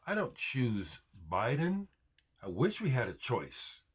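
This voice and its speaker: A man's voice: medium pitch, huge pitch swings, slow pace, slightly rough. A man from the United States hosting his own video, talking straight to camera in an emphatic, frustrated way and often stopping to restart his sentences. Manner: heated, emphatic, frustrated ranting with repeated restarts. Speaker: video host answering viewer comments. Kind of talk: unscripted monologue to camera.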